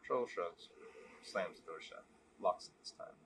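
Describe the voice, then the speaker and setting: A man vlogging, telling a long joke and then talking candidly in a relaxed, casual way. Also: sits low, measured pace, a little hiss or hum. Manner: relaxed, candid, repetitive storytelling. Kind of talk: joke storytelling and casual reflection.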